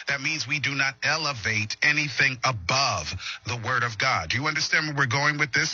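A man teaches a morning Bible lesson on a livestream, earnest and prone to repeating himself as he asks listeners questions. His voice is very bright with a husky edge. The recording is dry and a little dull. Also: medium pitch, no room sound. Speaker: preacher.

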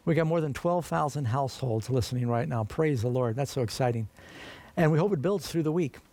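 A man's voice: medium pitch, brisk, mellow, no room sound. A man preaching a sermon in an earnest, emphatic way, speaking to his listeners as friends.

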